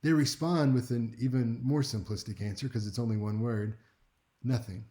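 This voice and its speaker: A male speech instructor gives a recorded class lecture in a mellow, warm tone at a mid-range pitch. He keeps it conversational and wry, often checking in with his listeners. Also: fairly even intonation, a little fast. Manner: conversational and wry, with frequent "right?" check-ins.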